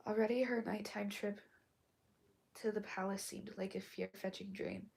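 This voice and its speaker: A woman reading a story aloud while sick and hoarse, coughing between lines and often dropping to a whisper. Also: mid-range voice, fairly even intonation, darkish tone. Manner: slow, halting, often drops to a whisper. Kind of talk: casual live read-aloud with asides.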